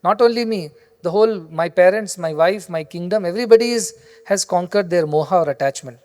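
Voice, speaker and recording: A man's voice: high-pitched, brisk, a little mellow, close to an everyday voice. A man voicing a young prince who speaks in a firm, self-assured way, heard with long hall reverb. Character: impatient unattached young prince.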